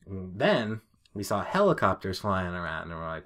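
A man's voice: sits low, big pitch swings, a bit bright. A man from New England co-hosting a casual podcast, telling stories and laughing easily. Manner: laughing, storytelling, quick quips. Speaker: podcast co-host.

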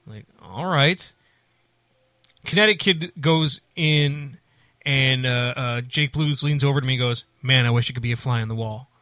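Bright-voiced man telling a rambling story. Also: medium pitch, normal speed, no room sound. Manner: rambling, animated, many restarts and acted-out quotes. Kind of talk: casual storytelling chat.

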